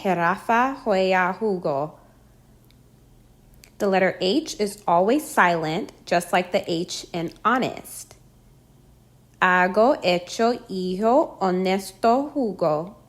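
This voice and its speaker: Slow, careful woman teaching pronunciation. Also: lowish voice. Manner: slow, careful, spells out sounds and repeats example words. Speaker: language teacher. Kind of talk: pronunciation lesson.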